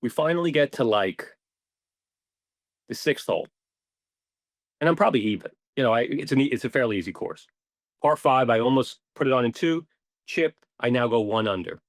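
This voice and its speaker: Animated man telling a story, dry sound. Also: medium pitch, normal speed, pauses often, dry recording. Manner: animated, swears casually, acts out quotes. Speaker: podcast guest, ball marker maker. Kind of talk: casual storytelling interview.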